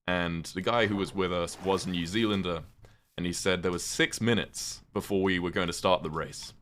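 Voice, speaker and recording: Deep-voiced man chatting on stream. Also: normal speed, fairly bright tone, a little hiss or hum. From United Kingdom. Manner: rambling, chatty, laughs often at himself. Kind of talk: casual livestream chat while playing a game.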